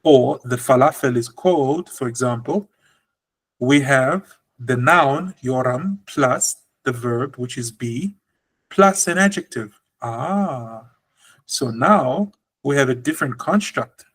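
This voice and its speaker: A man's voice: mid-range voice, lively intonation, slow pace, husky, poor audio. A man teaching a language lesson, explaining patiently and drawing out example words.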